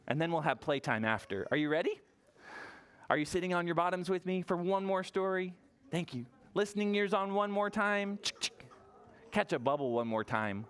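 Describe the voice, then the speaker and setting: Leading story time for toddlers in the library's story room, a woman librarian uses a fairly low-pitched, clear, resonant voice. She keeps her words slow and simple, sounding cheerful and encouraging with the little ones.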